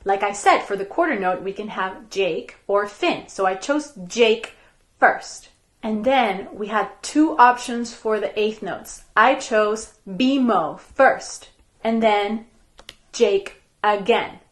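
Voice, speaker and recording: A woman teaching a recorded music lesson for young children, counting beats and speaking rhythm syllables in a slow, clear, patient way. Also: mid-range voice. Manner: slow, clear, patient classroom delivery with counted clapping chants.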